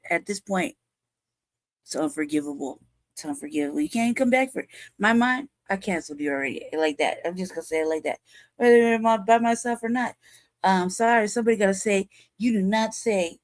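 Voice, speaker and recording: A woman's voice: medium pitch, no room sound. A woman in her forties hosting a podcast, delivering a profane, repetitive rant in heated commentary. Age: 40s. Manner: profane, ranting, repetitive, emphatic. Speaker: show host.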